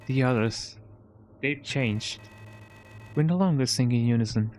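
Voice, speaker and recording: A man's voice: measured pace, a little mellow, a little hiss or hum, natural voice. A man reading aloud as a lonely android cut off from its kind, in a put-on British accent and a raised, theatrical voice. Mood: forlorn. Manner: reads lines in a mock-dramatic, higher voice. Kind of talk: live reading of game dialogue.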